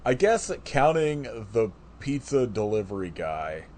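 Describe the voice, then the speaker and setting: A man's voice: on the low side, very animated, unhurried, darkish tone, a little hiss or hum. A man co-hosting a podcast, chatting casually about a movie in a rambling way, full of "like" fillers and restarts. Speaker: podcast co-host. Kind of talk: casual chat reviewing a movie.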